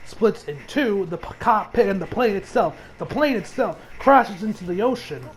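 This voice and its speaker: A young man giving a casual, excitable recap of an anime episode, swearing freely and rambling with restarts. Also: sits high, normal speed. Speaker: anime reviewer.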